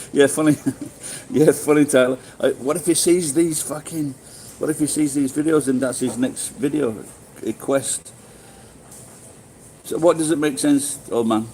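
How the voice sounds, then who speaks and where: A man's voice: a little high, a little slow, dark tone, poor audio. Man, Sheffield accent, middle-aged, rambling casual streamer, swears a lot, restarts often, faint background noise. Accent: Sheffield English. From England. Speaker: live streamer. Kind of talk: casual live-stream chat answering viewers.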